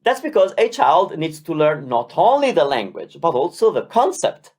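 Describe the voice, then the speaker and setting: A language teacher giving a beginner lesson, drilling syllables slowly and encouraging learners. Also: medium pitch, big pitch swings, darkish tone.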